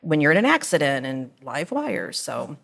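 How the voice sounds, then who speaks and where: A middle-aged woman, a podcast co-host and mother, casually retelling a story in a rambling, animated way. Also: deep voice, normal speed, gravelly.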